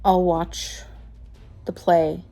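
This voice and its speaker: A woman's voice: lowish voice, little pitch movement, extremely slow, gravelly, mellow, soft background music. Chatty, tired woman vlogger. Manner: chatty, laughs often, loose retelling with restarts. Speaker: book vlogger. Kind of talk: casual vlog chat to camera.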